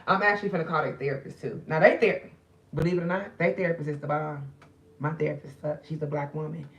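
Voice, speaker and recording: A middle-aged woman speaks in a low voice. She chats loosely and directly to the viewers of her livestream. She is grieving and subdued. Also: fairly even intonation, fast talker. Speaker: spiritual reader streaming live. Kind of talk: casual livestream chat.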